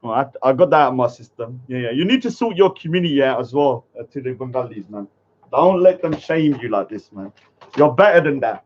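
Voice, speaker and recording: A man's voice: medium pitch, fairly quick. Guy ranting, voice jumping all over, kinda muffled lo-fi sound. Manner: animated, heated, tags lines with "yeah". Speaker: online commentator. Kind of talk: ranting commentary. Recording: muffled lo-fi audio.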